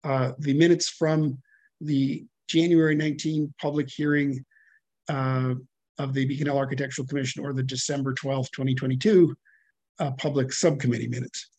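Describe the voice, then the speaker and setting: A man chairing a public commission hearing, halting and full of fillers and self-corrections, speaking over a video call. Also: mid-range voice, steady tone, a little mellow, no echo.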